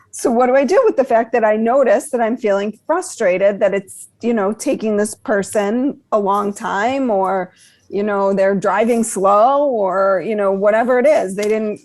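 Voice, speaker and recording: A woman's voice: medium pitch, normal speed, darkish tone. A woman hosting a podcast, asking thoughtful probing questions in a casual way with frequent "you know" fillers. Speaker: podcast host. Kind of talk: casual interview chat.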